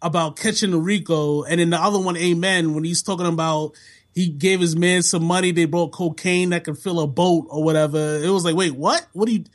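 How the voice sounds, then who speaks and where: A man talking casually on a podcast, animated and emphatic, laughing often. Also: fairly high pitch, a little fast. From half Bajan, family in Toronto. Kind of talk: casual chat.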